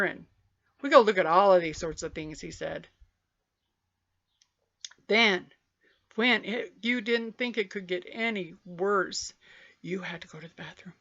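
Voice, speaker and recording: A woman telling a story on a vlog in an animated, playful way, stretching out repeated phrases, recorded on a webcam. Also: medium pitch, dull audio. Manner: animated, playful, drawn-out repetitions. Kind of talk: casual spoken storytelling.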